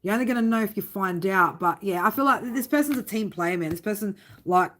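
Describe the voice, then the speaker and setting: A woman doing a live tarot reading for viewers. She talks bluntly and warmly, swearing often and tagging lines with "right?". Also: mid-range voice, brisk. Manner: blunt, swearing, fond tough-love talk with many "right?" tags. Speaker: tarot reader.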